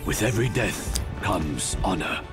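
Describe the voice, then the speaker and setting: An actor playing a stern, proud male archer warrior, speaking solemn video game lines over loud game music. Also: low-pitched, animated, a little slow. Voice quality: grave, solemn delivery.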